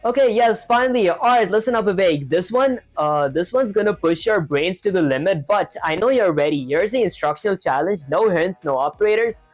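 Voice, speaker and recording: A man streaming live coding, talking quickly in a casual, chatty way, reading instructions aloud and filling gaps with fillers. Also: sits high, lively intonation, faint music behind. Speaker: programming streamer.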